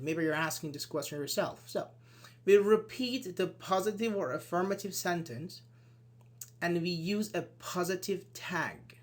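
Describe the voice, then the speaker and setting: A man giving an online English grammar lesson, explaining step by step and acting out short sample dialogues. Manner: explains with many "for example"s and acted-out sample dialogues; lively, switches pitch when voicing example sentences. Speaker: English teacher.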